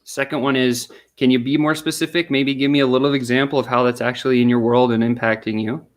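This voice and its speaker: Guy walking through sales questions, middle-aged, mid-pitched, acts out what clients say. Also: level tone, fast. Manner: explains step by step, acts out sample questions and replies. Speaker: sales consultant guest. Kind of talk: conversational interview.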